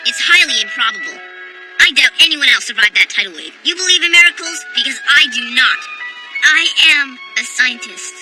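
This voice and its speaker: A woman's voice: high voice, expressive, over music, rough recording. A woman voicing an arrogant young boy genius scientist in an anime English dub, haughty and dismissive. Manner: haughty, dismissive, quick to despair. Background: background score.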